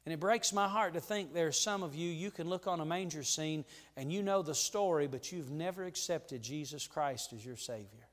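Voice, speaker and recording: A male pastor preaching a sermon, fervent and preacherly, dropping to a hush and then rising to a ringing call. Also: fairly high pitch, normal speed, hardly any pauses. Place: church sanctuary. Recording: long hall reverb in a church.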